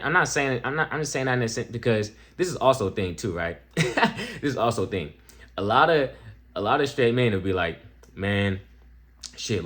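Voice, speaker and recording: A young man reacting to a video in casual, profane talk, laid-back but jumping into excited peaks. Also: medium pitch. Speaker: reaction streamer.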